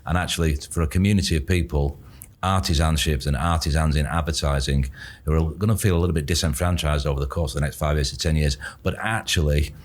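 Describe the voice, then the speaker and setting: A man's voice: a bass voice, steady tone, fast talker. A man talking as a guest in a casual podcast interview, expansive and restarting phrases as he reaches for words, in a makeshift hotel studio.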